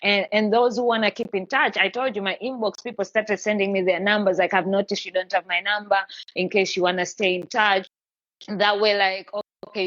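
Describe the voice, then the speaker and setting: A woman hosting a podcast in casual live-stream chat, talking in a chatty, animated way with many restarts. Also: medium pitch, dry recording, dull audio. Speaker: podcast host.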